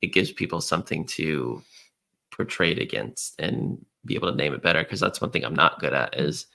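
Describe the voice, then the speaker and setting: A man co-hosting a podcast, talking in a relaxed, rambling way as he thinks aloud. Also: a bass voice, fairly quick, vocal fry. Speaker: podcast co-host. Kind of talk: casual chat.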